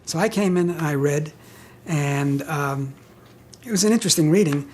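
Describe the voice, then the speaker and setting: An older male actor recalling stories in an interview, chatty and halting with fillers and chuckles. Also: on the high side, breathy edge. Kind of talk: anecdotal interview.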